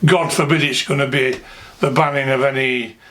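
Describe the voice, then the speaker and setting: A man's voice: mid-range voice, steady tone, normal speed, bright, forceful tone. A man with a Yorkshire accent ranting to camera, angry, indignant and scornful. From England. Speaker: vlogger. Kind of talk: political rant to camera.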